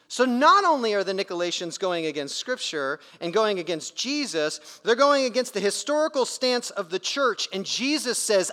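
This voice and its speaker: A man's voice: high voice, sing-song, moderate pace, hardly any pauses, sharp tone. A man preaching a sermon in an emphatic, conversational way, his volume rising and dropping sharply. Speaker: pastor. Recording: reverberant hall.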